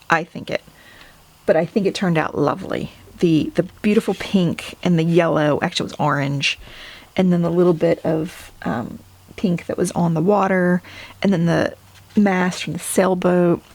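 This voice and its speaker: A woman's voice: fairly low pitch, creaky. A middle-aged woman narrating a casual flip-through of her sketchbook, chatty and self-deprecating. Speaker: artist showing her sketchbook.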